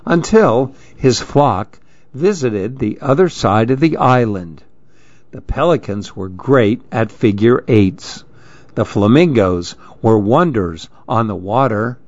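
A man reading children's storybooks aloud in a slow, lilting, expressive way. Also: medium pitch, no room sound. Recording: dull lo-fi dry recording.

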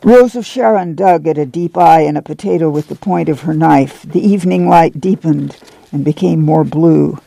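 A man reading a novel aloud for a radio program in plain, even narration at a close studio microphone. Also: a little high, normal speed, vocal fry, no room sound, poor audio. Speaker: audiobook reader.

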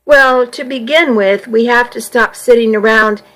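A woman's voice: a little high, measured pace, a bit bright, low-quality recording. A woman voicing an earnest teenage girl. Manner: earnest, sometimes impatient.

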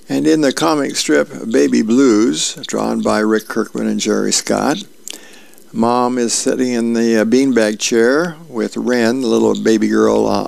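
A male radio host casually reading comic strips aloud, acting out the characters' lines. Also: dry recording. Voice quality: gravelly. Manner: acts out character lines with raised pitch.

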